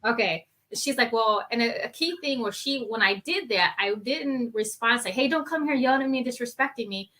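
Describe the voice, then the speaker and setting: A woman's voice: on the high side, lively intonation, moderate pace, hardly any pauses, bright, forceful tone. A woman co-hosting a talk show panel, giving earnest advice in casual chat. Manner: earnest, advice-giving, quotes herself in asides.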